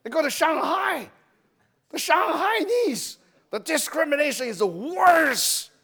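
A man's voice: very high-pitched, expressive, measured pace, gravelly, bright, forceful tone. A middle-aged man from China with a Chinese accent, giving a testimony sermon in broken English with many restarts. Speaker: church speaker.

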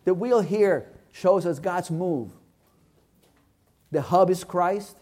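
A preacher delivers a sermon to his congregation in a voice a little higher than most men's, slow and dark in tone. He speaks earnestly and emphatically, piling up repeated phrases into a rising cadence.

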